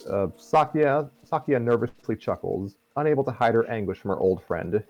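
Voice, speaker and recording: A man narrates a fan story in a relaxed, chatty way, trailing into fillers between lines. His voice sits on the low side. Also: fairly quick, no echo, muffled recording, soft background music. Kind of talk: casual fan fiction narration.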